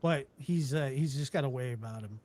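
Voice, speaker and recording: A man's voice: mid-range voice, fairly quick, darkish tone. A man co-hosting a call-in show, chatting casually and making blunt, joking asides.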